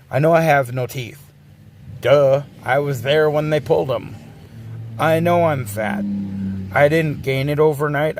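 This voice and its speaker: A man's voice: mid-range voice, slight background noise. A man in his forties, a streamer, ranting bluntly and casually, swearing and circling back with restarts. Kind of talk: casual rant.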